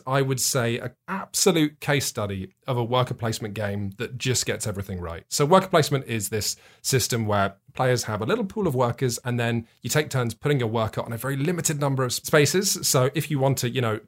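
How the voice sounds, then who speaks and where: A man hosting a podcast, chatty and self-deprecating as he explains things at length. His voice sits at a middle pitch. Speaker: podcast host. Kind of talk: casual podcast chat.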